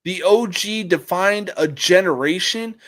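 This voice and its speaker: A man co-hosting a podcast in casual chat, swearing and telling animated stories. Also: high voice, unhurried. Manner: profane, animated storyteller. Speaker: podcast co-host.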